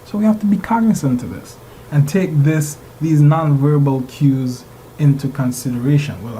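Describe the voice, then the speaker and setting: A man's voice: mid-range voice, dark tone, slight background noise, rough recording. A man teaching a class, lecturing and regularly putting rhetorical questions to his students. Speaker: instructor.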